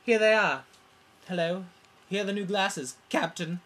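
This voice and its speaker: A woman's voice: mid-range voice, a little slow, a bit bright, slight background noise, natural voice. A woman playing a pompous, melodramatic soap opera character in an overblown, mock-dramatic parody.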